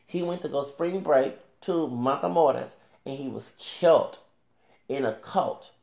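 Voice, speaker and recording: A man's voice: medium pitch, a little slow, vocal fry, a little mellow, echoey room. A man ranting casually to camera as a YouTuber, rambling with many restarts and fillers and talking back directly to another creator.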